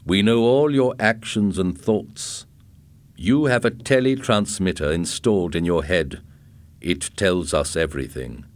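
A man reading aloud and voicing a calm, menacing police officer who speaks coolly and matter-of-factly. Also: low voice, unhurried. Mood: commanding.

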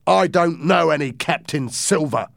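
A man's voice: fairly high pitch, sing-song, moderate pace, creaky, no echo, studio quality, voice pushed up, full character voice. A man voicing a stern, commanding ship captain who gives clipped orders in a raised voice.

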